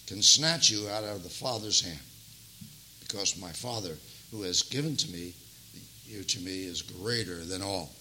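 Older preacher with a bright, emphatic voice. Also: male voice, low-pitched, a little slow, a little hiss or hum, low-quality recording. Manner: emphatic, swinging between loud stresses and soft asides; addresses listeners as beloved, folksy asides. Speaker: pastor. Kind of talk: sermon.

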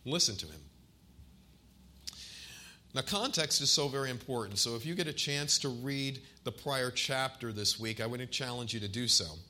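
A man in his forties preaching a sermon, asking his listeners questions and slowing down to stress key phrases and scripture. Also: medium pitch, bright, forceful tone. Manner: asks the congregation questions directly. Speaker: pastor.

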